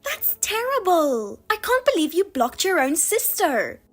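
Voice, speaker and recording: A woman's voice: very high voice, very animated, unhurried, faint music behind, voice pushed up, heavily acted. A woman voicing a scheming younger sister who mocks and taunts in a sing-song way. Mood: mocking.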